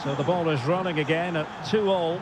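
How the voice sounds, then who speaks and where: A man plays a seasoned video game football commentator, polished and quick to get excited. His voice sits fairly high for a man. It is heard as game audio under loud background noise. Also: natural voice. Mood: lively play-by-play. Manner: polished broadcaster, rising to loud excited calls on goals.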